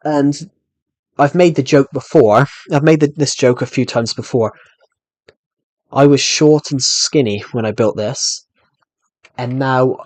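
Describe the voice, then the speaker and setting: Recorded in a room at home with no echo, a young British gaming streamer gives rambling, casual commentary while answering live chat. His mid-range voice is a little mellow, and he's self-deprecating, restarting often.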